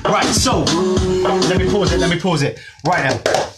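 Loud music plays beneath the high voice of a man from Gloucester, England, who talks at normal speed in a Gloucestershire English accent. As a fitness instructor, he runs a live-streamed dance fitness class, upbeat and chatty, calling out viewers by name.

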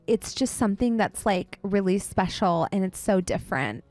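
A woman's voice: mid-range voice, no room sound, voice pushed down, natural voice. A woman putting on the voice of a gushing female fan who defends a show, earnest and full of fillers.

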